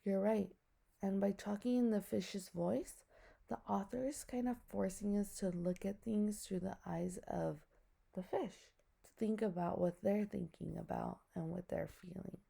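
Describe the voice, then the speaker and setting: A woman's voice: medium pitch, a little slow, vocal fry, dark tone, husky. A woman teacher giving a recorded lesson to her students, explaining patiently step by step and asking them questions.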